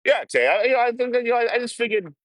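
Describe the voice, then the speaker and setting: A young livestream host with a very high, animated voice talks very fast, slightly bright in tone, on a dry recording. Riding a train outdoors, he laughs, swears and chats with viewers.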